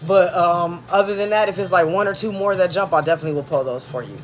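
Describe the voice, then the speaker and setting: A man giving a relaxed, chatty tarot reading. He drifts into soft, murmured blessings. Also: high-pitched, quick pace, faint music behind. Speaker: tarot card reader. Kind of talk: casual live tarot reading.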